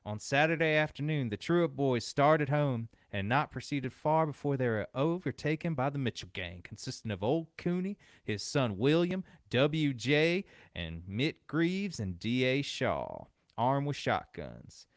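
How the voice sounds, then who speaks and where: On a studio-quality podcast with no room sound, a male co-host with a medium-pitched, sing-song voice reads an old newspaper account aloud. He speaks a little slowly with few pauses, then chats loosely about it with laughs.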